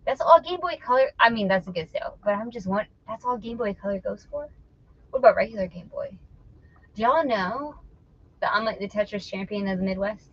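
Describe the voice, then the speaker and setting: A middle-aged woman hosts a casual reselling live stream, chatty and playful as she teases her viewers. Her voice sits at an ordinary pitch. The recording sounds a little dull and muffled. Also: animated, brisk. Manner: chatty, playful, teasing the audience. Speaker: host of an online reselling show. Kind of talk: casual live-stream chat while listing items.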